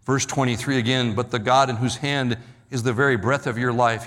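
A man preaching a sermon in an emphatic, measured way, slowing down and dropping his voice on key words. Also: medium pitch, steady tone, a bit bright. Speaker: pastor. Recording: long hall reverb.

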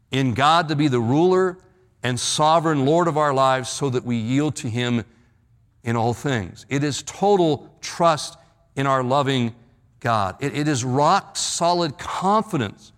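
A man's voice: on the high side, unhurried. A man preaching a sermon as pastor, reading scripture aloud with earnest emphasis.

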